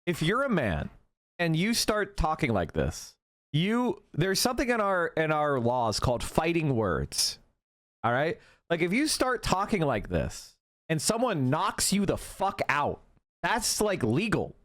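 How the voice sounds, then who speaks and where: A man streaming his reaction to a video, ranting and mocking with lots of swearing, jumping from shouts to low mutters. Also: huge pitch swings, unhurried, no echo, studio quality. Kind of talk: livestream reaction commentary.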